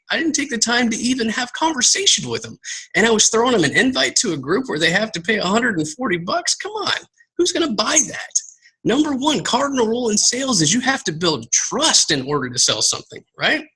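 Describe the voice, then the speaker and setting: A man from Southern Texas giving a casual motivational talk to his team, energetic and rambling, repeating words and calling his viewers guys. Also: high voice, slightly rough, poor audio. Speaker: team coach giving a live video talk.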